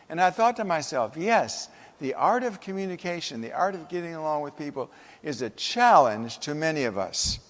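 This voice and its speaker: A man's voice: on the high side, sing-song, moderate pace. A man giving a humorous, emphatic motivational keynote speech at a conference, full of stories. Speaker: keynote speaker. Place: conference hall. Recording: echoey conference hall.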